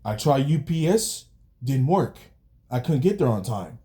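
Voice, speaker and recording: A young man venting angrily on a vlog, yelling and swearing about his job. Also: mid-range voice, big pitch swings, measured pace. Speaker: vlogger. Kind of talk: angry rant vlog.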